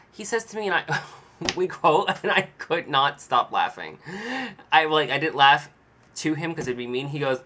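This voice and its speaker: Guy rambling thru a story on his vlog, jokes at himself, bright tone. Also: mid-range voice. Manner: rambling, self-deprecating asides. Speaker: vlogger. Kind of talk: casual storytelling.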